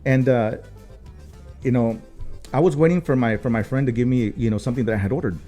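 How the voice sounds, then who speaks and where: A man's voice: mid-range voice, brisk, warm tone, faint music behind. A man, co-hosting a casual talk show and telling a long story, with many fillers, swearing and switches into Spanish. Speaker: co-host.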